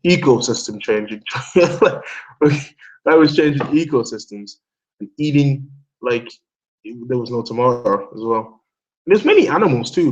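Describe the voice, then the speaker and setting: A man hosting a casual online hangout, rambling excitedly in loose commentary, swearing often, laughing and talking himself in circles. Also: mid-range voice, lo-fi sound. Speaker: host of an online discussion hangout.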